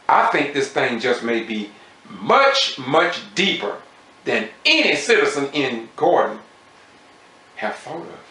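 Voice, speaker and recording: Impassioned man, bright, echoey room. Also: medium pitch, very animated, slow pace, pauses often. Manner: impassioned, repetitive, preacher-like emphasis. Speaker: citizen news commentator. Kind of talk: emotional commentary over meeting footage.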